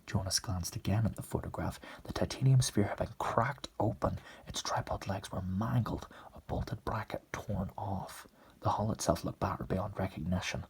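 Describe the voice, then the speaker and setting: A man reading a novel aloud in a soft, relaxed manner as a whispered role-play storyteller. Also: low-pitched, moderate pace, creaky, breathy edge. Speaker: ASMR storyteller.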